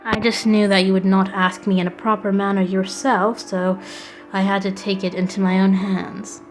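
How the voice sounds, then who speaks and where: A woman's voice: mid-range voice, flat delivery, moderate pace, faint music behind, lightly acted, rough recording. A woman reading aloud as a stiff, formal and shy young prince in a visual novel. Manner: formal, stilted speech.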